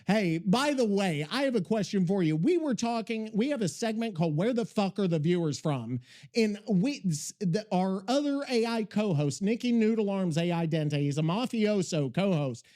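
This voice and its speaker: Excitable, profane male podcast host. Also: sits high, moderate pace. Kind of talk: casual podcast chat.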